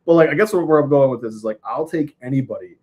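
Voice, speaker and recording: A man co-hosting a casual sports podcast, relaxed and quick to laugh. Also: medium pitch, a crowd in the background. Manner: laughs often, easygoing. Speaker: podcast co-host.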